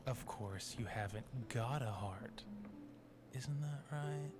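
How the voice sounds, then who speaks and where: A man's voice: medium pitch, slow, close to an everyday voice. An actor playing an unhinged, armed, paranoid man who accuses in a hissing whisper, from a game. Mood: paranoid threats. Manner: accusing, erratic. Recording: game audio over loud music.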